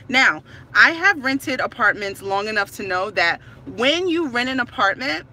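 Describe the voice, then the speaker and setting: Frustrated tenant woman, thirties, emphatic phone rant, bright voice. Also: on the high side, animated, moderate pace. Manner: frustrated, emphatic, repeats herself. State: stressed. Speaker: tenant filming a complaint. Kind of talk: ranting to camera.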